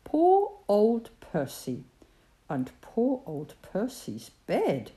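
A woman reading a children's story aloud in an expressive, sing-song way. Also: medium pitch, very slow.

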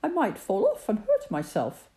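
A woman voicing a timid, anxious little toy rabbit in a storybook reading, high and fretful. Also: huge pitch swings, normal speed, dark tone.

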